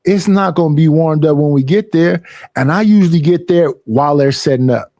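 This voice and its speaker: A young man, streaming a casual, profane, animated rant about personal space and family gatherings. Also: on the high side, brisk, no echo, clean studio sound.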